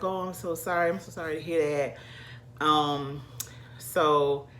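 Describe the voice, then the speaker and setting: A woman's voice: sits low, slight background noise. A woman from the South, chatting animatedly to her viewers as she tells a personal story. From American South. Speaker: vlogger. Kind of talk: casual storytelling.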